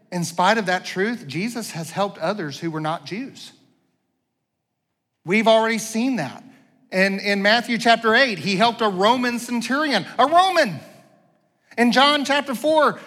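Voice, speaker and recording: A man in the pulpit delivers an animated sermon in a high, bright tenor. He swings from fervent pleading to hushed, wry asides. His voice rings out with a long reverb through the church. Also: moderate pace. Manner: animated preaching, swinging between loud pleading and quiet asides; self-deprecating humor. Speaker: pastor. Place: church sanctuary.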